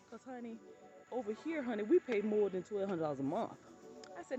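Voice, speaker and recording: A deep, dark-toned woman's voice with lively intonation moves fairly quickly as faint music plays behind. She's a vlogger sharing casual, chatty stories, calling her audience "honey" and laughing as she plays up quoted exclamations.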